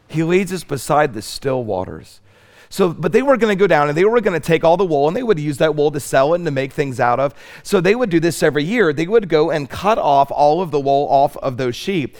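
Male pastor, slightly high voice, earnest sermon delivery that swings between loud and soft. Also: big pitch swings, normal speed. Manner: earnest preaching that swings from loud stretched emphasis to soft pleading. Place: church sanctuary.

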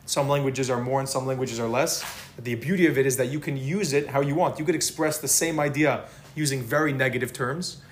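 Casual man teaching a Talmud class. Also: on the high side. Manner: casual, repeats words for emphasis. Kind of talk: informal Talmud lesson.

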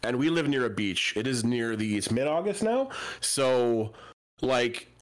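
Laughing as he goes, a Canadian man spins a rambling, profane anecdote while co-hosting a casual podcast. His medium-pitched voice is expressive and a little slow.

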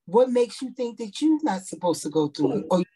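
Husky woman telling an emotional testimony. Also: on the high side, very animated, fairly quick, dark tone. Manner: emotional storytelling, rising intensity. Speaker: guest sharing testimony. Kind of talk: personal testimony in casual talk.

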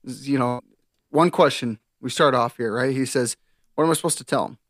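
A man's voice: medium pitch, brisk, no room sound, studio quality. A man co-hosting a casual faith podcast, reading scripture aloud and retelling it with laughs and slang. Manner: animated, laughing, plays up the story with modern slang. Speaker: podcast co-host.

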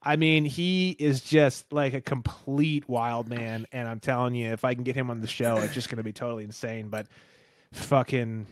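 A man hosting a podcast in casual chat, telling stories excitedly and swearing freely. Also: mid-range voice, moderate pace, no room sound, studio quality. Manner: swears a lot, excitable storytelling, does impressions. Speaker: podcast host.

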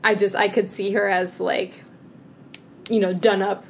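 A woman co-hosting a podcast, chatting casually with a mid-range voice. She talks in quick bursts, full of fillers and restarts. A faint hiss sits under her voice. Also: mid-range voice, level tone. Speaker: podcast co-host. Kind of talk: casual chat.

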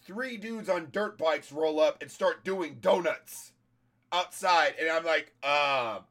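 A hoarse-voiced man, a comedian, telling a story in casual, profane podcast chat. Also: fairly high pitch, takes it slowly, fairly bright tone.

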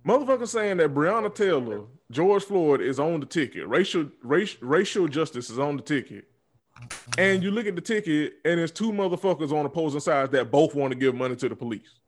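A man's voice: lively intonation, a little fast. Profane, fired-up young man ranting. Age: 20s. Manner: blunt, profane, swings from low mutters to loud laughing outbursts. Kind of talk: casual political rant. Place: southern United States.

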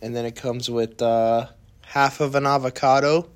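A young man hosting a podcast in a relaxed, chatty way. He tells a rambling story and slips into quoted voices of himself along the way. His voice sits at an ordinary middle pitch. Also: normal speed, smooth. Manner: animated storyteller, acts out his own quotes. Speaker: podcast host. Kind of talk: casual chat.

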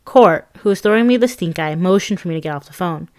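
Lively woman narrating her memoir. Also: fairly low pitch, fast talker. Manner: conversational, lively, self-mocking. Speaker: author reading her own memoir.

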